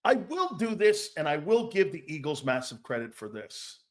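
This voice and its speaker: High-voiced rowdy man hosting sports talk. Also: big pitch swings, moderate pace. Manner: rowdy, joking, laughs often, rambling. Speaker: sports talk show host.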